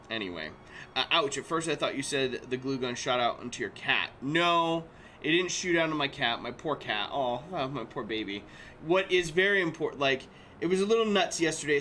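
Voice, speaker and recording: A man's voice: medium pitch, bright, forceful tone, a little hiss or hum. Chatty man hosting a crafting stream. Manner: chatty, laughs often, reads chat aloud. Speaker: crafting livestream host. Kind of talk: casual livestream chat.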